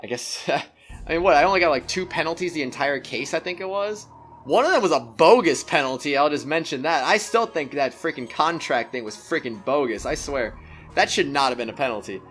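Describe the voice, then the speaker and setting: A man's voice: a little high, expressive, fairly quick, a bit bright, soft background music. A man doing let's play commentary, ranting and joking animatedly about a game. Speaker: gaming YouTuber.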